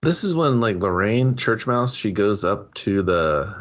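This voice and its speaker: A man co-hosting a movie review podcast, bantering casually and recapping scenes with plenty of swearing. His voice sits very low. His pitch still moves widely. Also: lively intonation, unhurried, a little hiss or hum. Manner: laid-back, profane banter. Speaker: podcast co-host.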